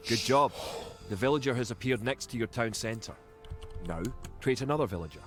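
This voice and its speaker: An actor voicing a solemn Scottish tutorial narrator in a video game, speaking in a measured, instructive manner. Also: male voice, mid-range voice, animated, close to an everyday voice. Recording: game audio with loud music.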